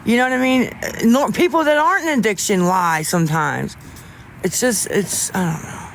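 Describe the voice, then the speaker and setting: Brief: man, fairly high voice, halting candid livestream chatter, faint background noise. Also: vocal fry, a bit bright. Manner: rambling and halting, lots of restarts, candid. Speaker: livestreamer talking to viewers. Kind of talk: casual livestream chat.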